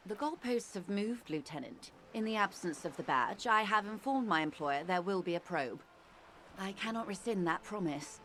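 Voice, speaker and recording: An actress playing a composed, formal middle-aged negotiator in a video game, speaking with measured, precise diction. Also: female voice, mid-range voice, animated, fairly bright tone, a little hiss or hum, close to an everyday voice.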